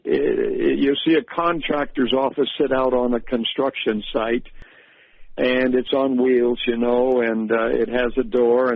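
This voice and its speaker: A man with a middle-pitched voice tells a long, unhurried story on air, stopping often for fillers and restarts. His voice comes through a narrow, phone-like radio line and sounds dry, with no room around it. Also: gravelly, dry recording. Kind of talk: recounting a vision on radio talk.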